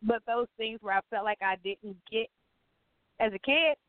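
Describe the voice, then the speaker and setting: Co-host: blunt, teasing woman, slightly high voice, tinny phone-line sound. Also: moderate pace, no room sound. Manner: blunt, teasing, trips over names. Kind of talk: casual chat.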